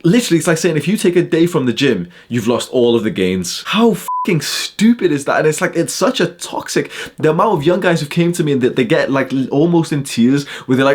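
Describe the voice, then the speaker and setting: A young man, ranting to camera in a mocking, profane way, jumping into high sarcastic impressions. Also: animated, a little fast, hardly any pauses. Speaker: self-improvement YouTuber.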